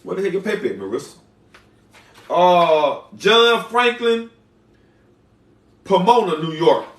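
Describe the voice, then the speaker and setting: A man's voice: sits high, lively intonation, a little slow, a bit bright, reverberant, far from the mic. A man chatting casually on a livestream, reading out viewer names and repeating himself in loose slang.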